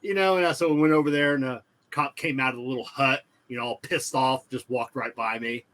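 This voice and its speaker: A man co-hosting a podcast in casual chat, an easygoing listener who is quick to laugh and trade his own story. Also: medium pitch, fairly even intonation, a bit bright. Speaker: podcast co-host.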